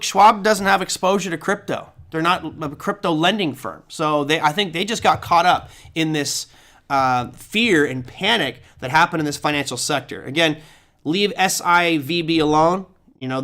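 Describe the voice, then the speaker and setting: A man's voice: fairly high pitch, bright, forceful tone. A man hosting a live trading show, giving casual, chatty market commentary and talking to viewers like buddies.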